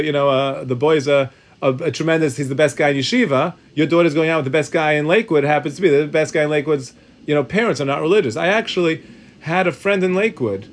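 Higher-voiced man teaching a Talmud class. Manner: thinking aloud, restarting sentences, mixing Hebrew terms into English.

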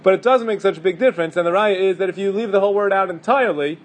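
A man's voice: high-pitched, racing, slight background noise. A man teaching a casual halacha class, thinking aloud with fillers and restarts. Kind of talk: casual Torah class lecture.

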